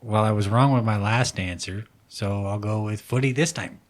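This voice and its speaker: A man on a podcast panel, making quick offhand guesses in casual chat. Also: fairly low pitch.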